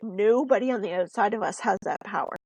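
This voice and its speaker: A woman's voice: medium pitch, brisk, a little mellow, slightly rough, no room sound, poor audio. A woman co-hosting a podcast, giving an earnest, reflective motivational talk. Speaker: podcast co-host, mentor.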